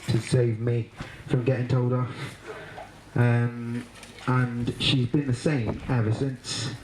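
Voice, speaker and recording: A man giving a wedding speech as the bride's brother, telling a story with frequent laughter, fillers and restarts. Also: mid-range voice. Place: wedding reception. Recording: echoey room, loud background noise.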